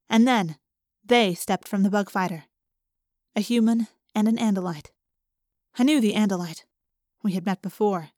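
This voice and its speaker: A woman narrating a first-person novel in a clear, measured storytelling manner. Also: medium pitch, darkish tone, dry recording, studio quality. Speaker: audiobook narrator.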